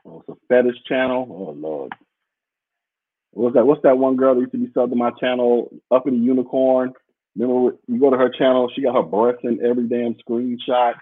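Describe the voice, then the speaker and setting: A man's voice: medium pitch, fairly even intonation, brisk, slightly rough. A man hosting a podcast as a casual livestream, reading out viewer comments in a rambling, blunt and profane way. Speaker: podcast host. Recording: muffled phone-like audio.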